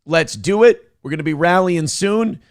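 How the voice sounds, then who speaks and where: Host, male, gravelly, slightly high, dry close sound, crude mocking banter, bursts of shouting. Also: normal speed, no room sound. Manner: crude, mocking, loud outbursts. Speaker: morning show host. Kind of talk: casual comedic commentary on news clips.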